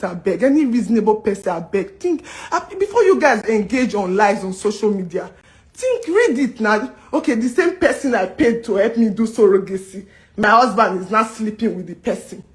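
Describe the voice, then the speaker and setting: A woman speaking straight to her audience, pleading and indignant, repeating herself as she rejects claims made about her. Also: mid-range voice. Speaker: business owner responding to online claims. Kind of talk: emotional direct-to-camera rant.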